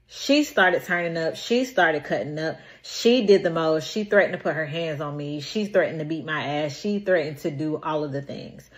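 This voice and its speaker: Young woman, low-pitched, casual storytime, punchy and repetitive delivery. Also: lively intonation, moderate pace, hardly any pauses, fairly bright tone. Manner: emphatic, repetitive recounting.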